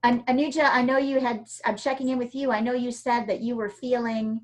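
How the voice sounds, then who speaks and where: A woman's voice: fairly high pitch, flat delivery, fairly quick. A woman from the United States teaching an art class over a video call, chatty and encouraging, with frequent fillers.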